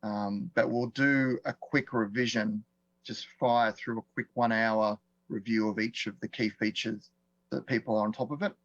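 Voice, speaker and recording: A man's voice: fairly low pitch, normal speed, no echo. Aussie guy teaching an online class, chatty and laid back, dull dry lo-fi mic sound. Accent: Australian. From Australia. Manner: chatty, relaxed, quizzes the viewers and chuckles often. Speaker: online course instructor. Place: indoors at a desk with screens. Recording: dull, dry lo-fi stream audio.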